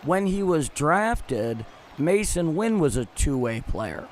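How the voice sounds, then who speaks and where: Measured man hosting a baseball stream. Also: on the high side, sing-song. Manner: measured, reads out chat messages. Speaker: host of the livestream. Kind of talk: livestream baseball chat and commentary.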